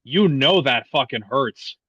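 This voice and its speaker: A man in his twenties, a podcast guest talking politics in a casual, profane, animated way with many restarts. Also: mid-range voice, slow pace, husky, dry recording, dull audio. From United States. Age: 20s.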